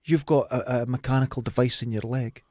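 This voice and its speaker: A man's voice: medium pitch, fairly quick, no echo. A middle-aged Scottish man on a podcast, telling stories in casual chat and acting out what people said. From Scotland. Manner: animated storyteller acting out quotes. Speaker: podcast host.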